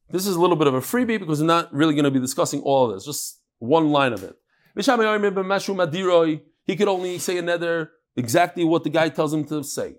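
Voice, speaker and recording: A man teaching a Talmud class, telling stories and quoting Hebrew and Aramaic terms with lively repetition. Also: fairly high pitch. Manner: lively, sprinkles Hebrew and Yiddish terms, repeats words. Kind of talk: animated Talmud class with storytelling.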